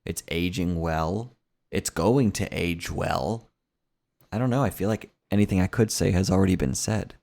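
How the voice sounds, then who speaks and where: A man's voice: sits low, normal speed, gravelly, darkish tone. A man in a casual podcast conversation, talking hesitantly and searching for words. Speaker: podcast co-host.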